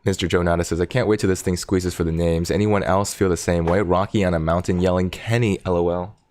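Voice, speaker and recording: A man with a gravelly voice hosting a casual stock market livestream from his home desk, chatting, reading viewer comments aloud and talking to his dog. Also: deep voice, steady tone, fast talker, darkish tone. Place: home desk in Silicon Valley.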